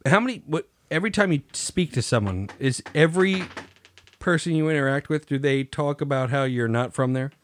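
A man's voice: a little high, animated, fairly quick. A man hosting a podcast, chatting casually and cracking teasing jokes. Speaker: podcast host. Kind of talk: casual chat.

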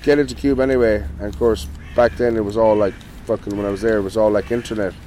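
A man's voice: lowish voice, fairly even intonation, fast, mellow, a little hiss or hum, low-quality recording. Foul-mouthed Irish man telling stories. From Ireland. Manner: profane, rambling, swears constantly. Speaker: interview guest. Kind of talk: casual storytelling.

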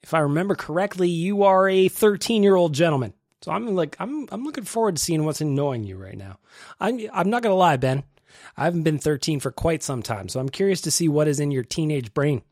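A man's voice: a little high, animated, fairly quick, darkish tone, no room sound, studio quality. A man hosting a casual podcast, laughing often as he reacts to listener voicemails. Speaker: podcast host.

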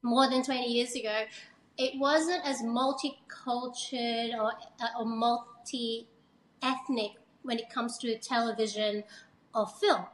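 A woman with a high voice chats casually about her acting work, circling back with restarts and little laughs. The sound is roomy and echoey. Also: steady tone, slow, slight background noise. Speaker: actress and mother of a child actor. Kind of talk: casual podcast chat.

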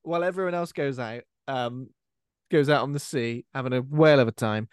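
A man's voice: mid-range voice, a little fast, clean tone, no echo, studio quality. A man co-hosting a podcast, chatting casually about a film and acting out quoted lines in silly voices. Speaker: podcast co-host.

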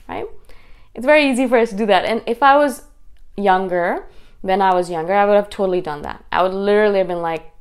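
Fast-talking intense woman vlogger. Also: medium pitch, smooth. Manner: fast, intense, animated delivery. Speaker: YouTube host. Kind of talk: casual talking-head monologue.

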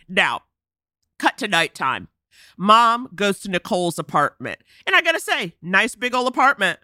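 A woman's voice: mid-range voice, normal speed, dry recording, clean studio sound. A young woman co-hosting a podcast, chatting casually and acting out characters with lots of laughter. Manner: animated, laughing, acts out characters. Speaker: podcast co-host. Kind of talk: casual chat recapping a film. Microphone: podcast microphone.

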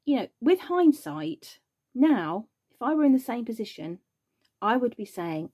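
A woman's voice: a little high, sing-song, a little slow, dark tone, husky. A woman, a mother speaking earnestly and emphatically from her own experience. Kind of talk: personal testimony.

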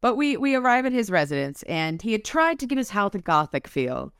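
A woman's voice: mid-range voice, very animated, fairly quick, hardly any pauses, a bit bright, clear, resonant tone, no echo, clean studio sound. A woman co-hosting a book club podcast, reading passages aloud and then riffing on them casually, swearing now and then. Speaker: podcast co-host.

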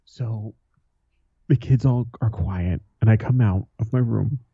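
A man's voice: on the low side, unhurried, gravelly, slightly rough, dry recording. A man in his thirties co-hosting a podcast, telling profane stories in casual banter and laughing often. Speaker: podcast co-host. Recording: dull lo-fi, dry.

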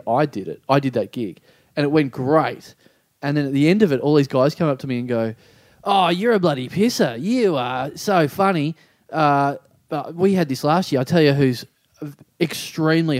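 An Australian comedian telling a story in casual chat, acting out other people's voices and laughing often. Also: male voice, on the high side, a little mellow, dry recording, clean studio sound. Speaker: comedian guest.

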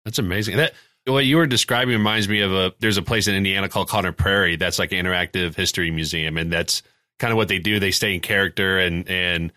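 A man's voice: deep voice, steady tone, sharp tone, no echo, studio quality. A man co-hosting an interview, reacting with enthusiasm. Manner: enthusiastic, quick to laugh. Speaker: podcast co-host. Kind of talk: conversational interview.

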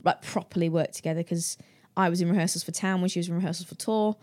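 Animated woman telling stories. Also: fairly low pitch, fast talker. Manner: animated storytelling, acting out quoted people in a raised voice, laughing often. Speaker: guest. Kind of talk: casual interview chat.

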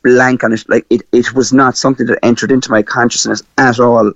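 A man from Ireland with a Cork accent, a guest telling a personal story in a lively way with many fillers. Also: mid-range voice, a little fast, no room sound, dull audio. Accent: Cork Irish.

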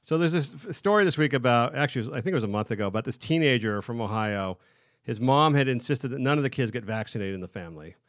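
A man co-hosting a podcast who talks fast and chatty, often laughing as he goes. His voice sits at an ordinary middle pitch. The recording is close and dry. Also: expressive, no room sound. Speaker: podcast co-host. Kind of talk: casual chat.

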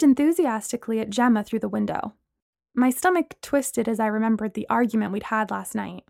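A woman narrating a first-person story in an even storytelling voice, close to the mic. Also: a little high, a little fast, creaky, dry recording. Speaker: audiobook narrator.

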